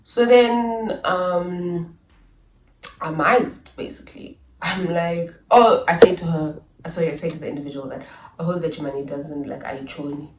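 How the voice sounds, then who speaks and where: A young South African woman telling a story in a chatty, animated vlog style, with asides and laughs. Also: fairly low pitch, moderate pace, recorded from a distance, slight background noise. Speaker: YouTuber. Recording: echoey room, a little off-mic.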